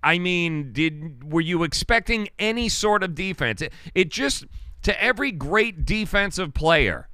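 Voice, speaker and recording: A man hosting a sports talk show, venting about a game in a loose, rambling way. His voice is bright and clear. The sound is dry and close, with no room behind it. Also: high-pitched, very animated, a little slow, no room sound. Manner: rambling, exasperated, frequent restarts. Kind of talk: casual sports commentary.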